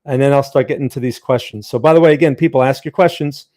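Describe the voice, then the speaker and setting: A man's voice: mid-range voice, fast, warm tone. Chatty man hosting a market livestream. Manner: chatty, joking asides, frequent "right?" and "all right". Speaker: trading livestream host. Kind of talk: casual livestream market commentary.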